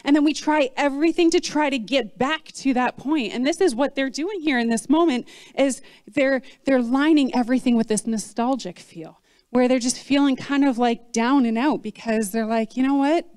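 Chatty, animated woman pastor preaching. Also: sits high, moderate pace, dry recording. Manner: conversational, animated, acts out voices of complainers. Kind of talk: sermon. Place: church.

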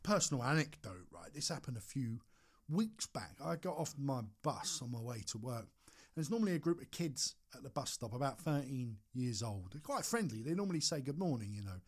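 A man's voice: medium pitch, expressive, a little fast. A man co-hosting a podcast, talking bluntly and emphatically in casual chat, swearing often. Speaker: podcast co-host.

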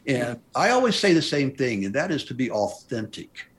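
A man's voice: mid-range voice, normal speed. Storytelling older man in podcast chat. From United States. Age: 60s. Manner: storytelling, animated quoting. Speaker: podcast guest, mountaineer. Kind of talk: casual interview chat.

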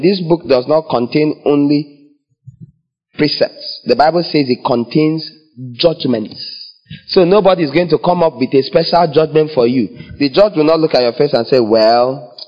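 A man preaching a sermon, acting out scenes with different voices. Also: mid-range voice. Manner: dramatic, acts out scenes with voices. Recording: dull lo-fi sound.

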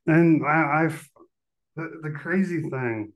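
Podcast host guy, talks slow, kinda halting, casual. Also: fairly high pitch. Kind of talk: casual chat.

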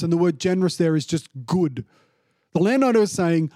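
A man's voice: high-pitched, a little fast, warm tone, no echo. A man giving a casual, conversational sermon, chatty with many fillers and restarts, now and then acting out lines in a mock-indignant tone. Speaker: preacher.

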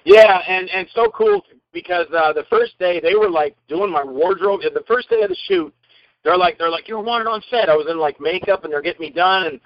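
A man telling anecdotes from film shoots in an interview, acting out the people he quotes with lively, changing voices. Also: high voice, a little fast, dry recording, muffled recording. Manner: animated, acts out quoted lines in varied voices. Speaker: actor and interview guest.

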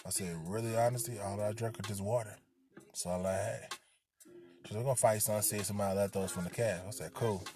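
A man's voice: fairly low pitch, fairly even intonation, fast, over music. A man casually retelling a personal story, profane and streetwise, acting out the people he quotes.

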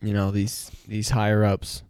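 A man's voice: on the low side, completely flat delivery, a little slow, darkish tone, smooth, no room sound. Easygoing young man, dry close mic. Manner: easygoing, laughs readily, filler-heavy. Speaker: podcast co-host. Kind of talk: casual chat.

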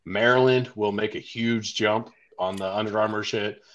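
Joking, low-voiced podcast co-host. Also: male voice, normal speed, highs cut off. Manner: joking, profane, animated storyteller. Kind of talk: casual sports chat.

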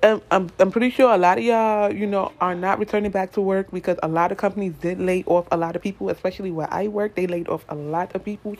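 Chatty woman giving a tarot reading. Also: medium pitch. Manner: chatty, repetitive, animated, addresses viewers as y'all. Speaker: tarot reader. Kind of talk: casual tarot reading monologue.

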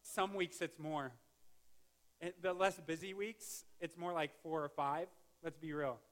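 A man's voice: on the high side, steady tone, measured pace, fairly bright tone. A male pastor giving a conversational sermon, with joking asides and restarts. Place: church sanctuary.

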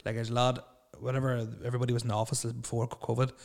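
A man's voice: medium pitch, little pitch movement, racing, creaky, a little mellow. A young man in casual chat, rambling through stories, laughing often and swearing freely.

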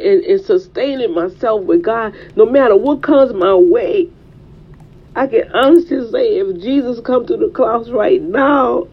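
Woman preacher, fervent repetitive cadence, muffled lo-fi sound. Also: fairly high pitch. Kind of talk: sermon. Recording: dull, lo-fi recording.

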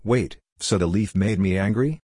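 A man's voice: on the low side, normal speed, darkish tone, husky, no room sound, studio quality. A man reading the lines of a confused, irritable man in a story, asking short, baffled questions. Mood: bewildered. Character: confused, irritable man losing his temper.

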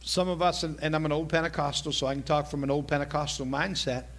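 A preacher with a slightly high, fairly bright voice speaks quickly in a level tone. His sermon is loose and conversational, with jokes and questions asking the congregation whether they're following.

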